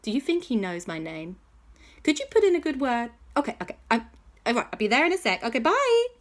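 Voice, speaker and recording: A woman doing a gushing, drawling lady ghost expert. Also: fairly quick. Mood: flustered. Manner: drawling, effusive, high and breathy excitement.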